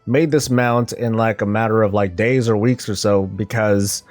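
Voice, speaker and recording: A man's voice: fairly low pitch, fairly even intonation, moderate pace. A man hosting a gaming news show in casual, scripted commentary, with wry, sarcastic asides.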